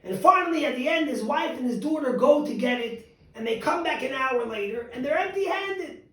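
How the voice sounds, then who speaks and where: Man, rabbi, sermon, storytelling, animated, high voice, heavy echo. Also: brisk. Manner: animated, stretches key words, switches between loud emphasis and soft asides. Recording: very echoey, distant mic.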